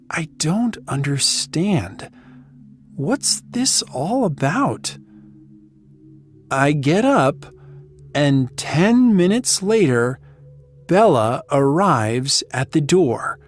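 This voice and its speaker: Very slow, lively woman storyteller. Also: low-pitched, faint music behind. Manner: very slow, clearly separated phrases for learners. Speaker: English teacher reading a story. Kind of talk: slow graded-reader story narration.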